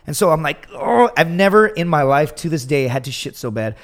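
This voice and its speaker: Animated, profane man telling a story. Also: on the high side, fairly quick. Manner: animated, profane, acts out quotes loudly. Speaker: podcast guest telling a story. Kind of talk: casual storytelling.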